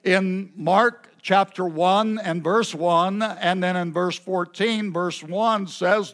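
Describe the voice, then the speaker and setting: A man preaching a sermon at an evening church service, halting often with filler pauses. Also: high voice, steady tone, a bit bright. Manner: unhurried, halting delivery with many filler pauses. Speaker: pastor.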